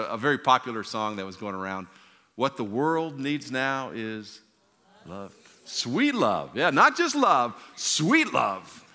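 A man in his sixties, a pastor telling stories in a sermon and swinging from loud to hushed. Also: medium pitch. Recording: long reverb of a large hall.

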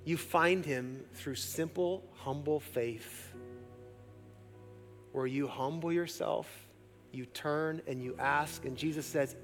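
A man pastor preaching a sermon, shifting between loud emphatic peaks and hushed, slow appeals to the congregation. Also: on the high side, in a large hall, faint music behind.

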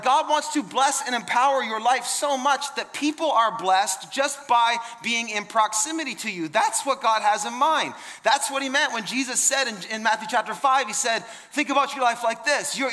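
A man's voice: extremely high pitch, pushed and bright, long reverb tail. A man preaching a sermon in an emphatic, conversational way, often repeating words and restarting phrases. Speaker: pastor.

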